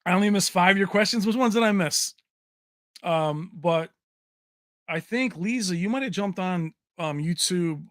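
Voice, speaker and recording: A man hosts a relaxed livestream, reading viewer comments aloud in a chatty, joking way. His voice sits a little high and sounds bright and forward. The sound is close and dry, with no room echo. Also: moderate pace. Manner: chatty, reads names and places aloud, jokey. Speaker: livestream host.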